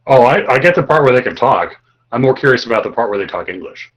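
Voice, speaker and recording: A man's voice: medium pitch, expressive, fast. A man playing in a tabletop game, asking questions and reasoning things out. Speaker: player. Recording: muffled lo-fi audio.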